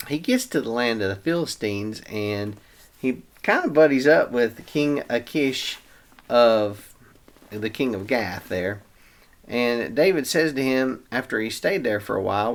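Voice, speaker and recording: A man's voice: mid-range voice, gravelly. A man hosting a Bible reading show, retelling scripture in a casual, chatty way with everyday slang.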